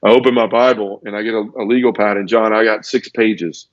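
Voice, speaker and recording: Man, low voice, earnest personal testimony, stumbling repeats, dull lo-fi sound. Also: steady tone, fairly quick. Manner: earnest, repeats words, acts out quoted voices. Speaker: guest telling his conversion story. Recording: dull lo-fi audio.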